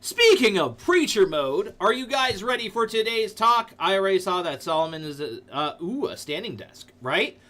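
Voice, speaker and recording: Loud, excitable male streamer. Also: high-pitched, moderate pace, hardly any pauses. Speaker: livestream host. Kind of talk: casual live-stream chat.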